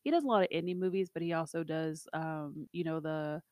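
A woman's voice: deep voice, a little fast, mellow, dry recording, highs cut off. A woman co-hosting a podcast in casual chat, talking with lots of fillers and laughing often. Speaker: podcast co-host.

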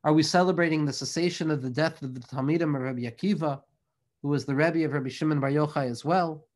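An earnest man delivers a religious lecture in long, flowing phrases, weaving Hebrew and Yiddish terms through his English. His voice sits somewhat high for a man. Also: fast talker, darkish tone. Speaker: Torah teacher.

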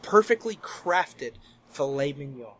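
Brief: animated man, bright and lively voice, improv comedy banter. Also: on the high side, slow pace. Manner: animated, swings loud and soft, swears.

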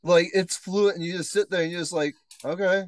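A man's voice: sits high, steady tone, fairly quick, background noise. A man co-hosting a podcast, joking dryly and chuckling in casual banter.

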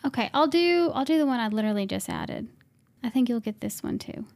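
A woman's voice: on the high side, expressive, brisk, vocal fry, a little mellow. A woman co-hosting a podcast in casual chat, enthusiastic and giggly, now and then quoting movie lines. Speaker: podcast co-host.

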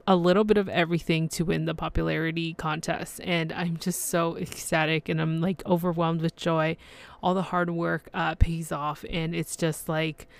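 A young woman hosting her solo podcast, gushing and excited, with lots of fillers and restarts. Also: lowish voice, clean tone, no echo. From Canada. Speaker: podcast host. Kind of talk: casual solo podcast chat.

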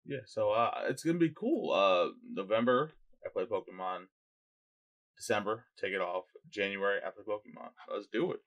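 A young man with a low-set but bright, forceful voice, riffing casually as a podcast co-host. His talk is loose, joking and full of profanity. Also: normal speed.

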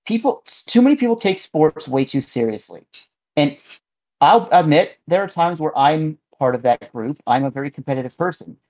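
A man's voice: fairly high pitch, animated, moderate pace, darkish tone. A man co-hosting a podcast in casual chat, rambling earnestly with frequent restarts. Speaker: podcast co-host.

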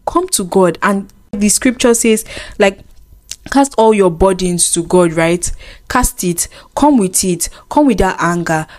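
A woman's voice: mid-range voice, animated, darkish tone. A woman co-hosting a casual faith chat, earnest and teasing. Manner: earnest, teasing, quick laughs. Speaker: co-host.

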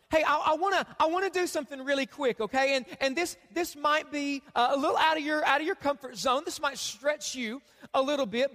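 High-voiced pastor in his thirties. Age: 30s. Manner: animated, joking with the congregation. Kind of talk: sermon. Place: church sanctuary. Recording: long hall reverb.

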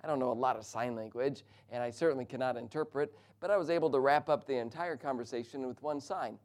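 A middle-aged man preaching a sermon, praying and then telling a humorous personal story with lively, animated delivery. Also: medium pitch, fast talker.

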